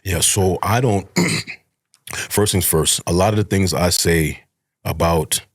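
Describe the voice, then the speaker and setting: A middle-aged pastor, speaking as a podcast guest in an impassioned, conversational preaching style with a fervent, repetitive cadence. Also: male voice, deep voice, slow, breathy edge.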